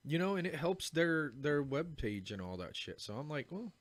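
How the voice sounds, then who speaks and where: A man's voice: on the high side, very animated, moderate pace, no echo. A man chatting casually on a podcast, blunt and profane, joking about his lawn care work. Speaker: lawn care worker, show regular. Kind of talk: casual chat.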